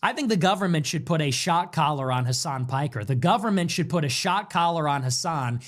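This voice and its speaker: A man rants heatedly in a played clip. His pitch sits fairly high and swings widely. He hammers his points with forceful repetition. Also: lively intonation, fairly quick. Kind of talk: political rant clip.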